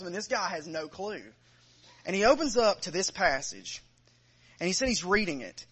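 A preacher, a man with a slightly raised pitch, tells a conversion story to his congregation. He slips into the quoted voices and drops them low and quiet, then swells again when he returns to his own narration. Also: a little fast. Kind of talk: sermon storytelling.

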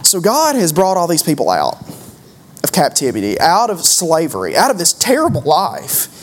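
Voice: mid-range voice, wildly swooping pitch, moderate pace. A preacher giving a conversational sermon, driving points home with rhetorical questions and repeated phrases.

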